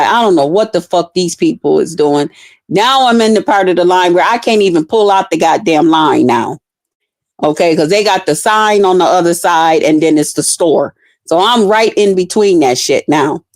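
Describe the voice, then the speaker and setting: A woman's voice: fairly low pitch, no room sound, clean studio sound. A woman telling a story in a casual, blunt way, swearing freely and laughing as she talks.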